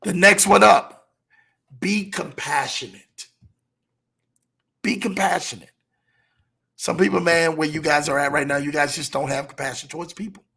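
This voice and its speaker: A man with a slightly high, gravelly voice gives a motivational talk as the show's host. He preaches in a casual way, repeats his main lines and drags them out slowly to drive them home. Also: steady tone, sharp tone. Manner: preachy, repeats key lines, slows for emphasis.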